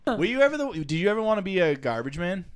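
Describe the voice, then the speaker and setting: A young man hosting a casual podcast chat, jokey and giggly, slipping into quick impressions. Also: high voice, big pitch swings, no room sound. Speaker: podcast host. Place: podcast studio.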